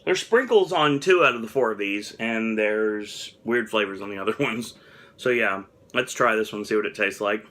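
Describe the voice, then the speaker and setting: A man's voice: lowish voice, moderate pace, fairly bright tone. A young man chatting casually on camera as he taste-tests snacks, candid and a little dramatic about the flavors. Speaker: food review vlogger. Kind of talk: casual taste-test commentary.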